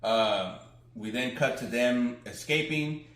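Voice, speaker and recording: A man co-hosts a casual podcast, recapping a TV episode and loosely quoting its characters in a medium-pitched, slightly bright voice at a slow pace. The recording has a roomy echo.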